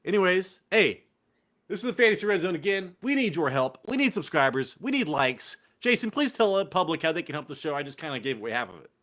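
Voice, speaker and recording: A man's voice: fairly high pitch, sing-song, quick pace, a bit bright. A young man with a Californian accent, hosting a casual fantasy football show with loose, profane, laughing banter. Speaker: podcast host.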